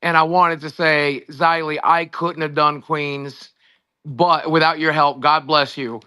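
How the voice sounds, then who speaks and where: A man's voice: on the high side, little pitch movement, unhurried, sharp tone, clear, resonant tone. A man who drops into a livestream call, rambling and swearing as he says he is tired. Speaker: caller dropping in. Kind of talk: casual livestream chat.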